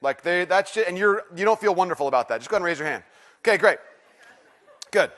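High-voiced joking pastor leading congregation. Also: male voice, expressive, quick pace, fairly bright tone. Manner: joking, conversational, gets congregation to respond. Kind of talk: sermon. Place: church sanctuary with congregation.

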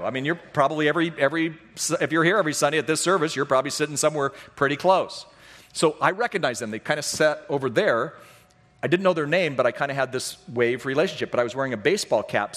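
Storytelling pastor in a reverberant church. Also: male voice, fairly high pitch, fast. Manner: animated, self-deprecating, acts out voices in his stories. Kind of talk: storytelling sermon. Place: church sanctuary. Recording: long hall reverb.

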